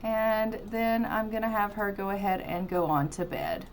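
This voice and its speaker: A woman's voice: mid-range voice, normal speed, a little hiss or hum. A woman casually commentating her life-simulation gameplay as a let's-play host, chatty and upbeat. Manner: chatty, upbeat, narrates what she does in the game.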